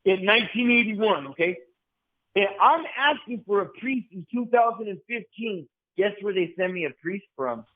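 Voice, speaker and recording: A man's voice: high voice, expressive, moderate pace. A man in his forties from Southern California, a guest telling his story intensely and repeating himself, on a remote call line. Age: 40s. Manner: intense, repetitive, calls the host bro. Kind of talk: casual storytelling conversation. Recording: tinny phone-like call line.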